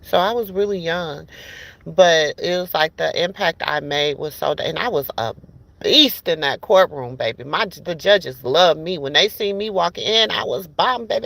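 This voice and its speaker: Gravelly-voiced woman telling stories casually. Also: fairly low pitch, expressive, normal speed, fairly bright tone. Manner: chatty, addresses listeners as "y'all" and "baby", many restarts. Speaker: podcast host. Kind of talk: casual storytelling chat.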